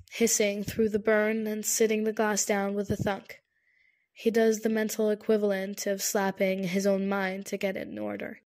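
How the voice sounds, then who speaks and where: A woman narrating an audiobook with a steady, measured reading. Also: medium pitch. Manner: steady, measured reading with present-tense prose.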